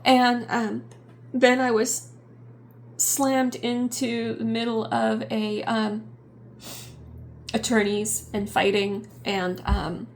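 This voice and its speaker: A middle-aged woman giving a personal vlog update, talking in a halting, reflective way with many pauses and fillers. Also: fairly high pitch, vocal fry, slight background noise. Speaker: YouTube channel host.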